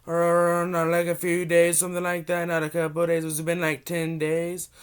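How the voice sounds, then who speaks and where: A young man with a cold giving a casual, rambling movie review vlog, often restarting his sentences and gushing with excitement. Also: on the high side, normal speed, clean tone. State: has a cold.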